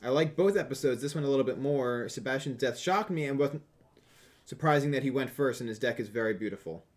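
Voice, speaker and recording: A man's voice: medium pitch, fast. A man co-hosting a podcast, reading out viewer donations in an easygoing, casual way. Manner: reads donations aloud, easygoing, hesitant fillers. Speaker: podcast co-host.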